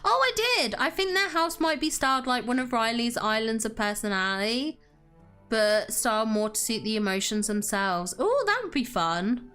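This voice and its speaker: A woman's voice: on the high side, lively intonation, moderate pace, sharp tone, clean tone, faint music behind. A woman streaming a game and chatting casually with viewers, giggling often and laughing to tears. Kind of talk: casual livestream chat.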